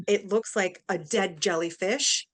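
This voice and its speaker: A middle-aged woman recounts her own hard story in an interview. She talks with deep feeling and slips into the voices of the people she quotes, at a pitch typical for a woman. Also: unhurried, fairly bright tone. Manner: emotional, acts out quoted voices. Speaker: interview guest. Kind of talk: personal storytelling.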